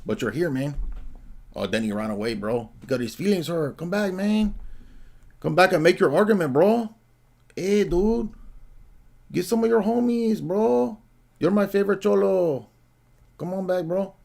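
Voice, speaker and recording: A man's voice: high voice, expressive, normal speed, gravelly, pauses often, darkish tone, voice pushed up, exaggerated voice. A man doing a mocking caricature voice in an exaggerated put-on Mexican accent, drawling and taunting.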